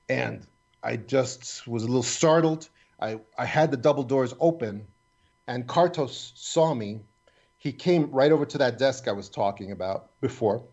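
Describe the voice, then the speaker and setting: A middle-aged man, a retired federal agent, tells a personal story as a radio guest, talking haltingly with frequent restarts and fillers. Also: medium pitch, darkish tone, highs cut off.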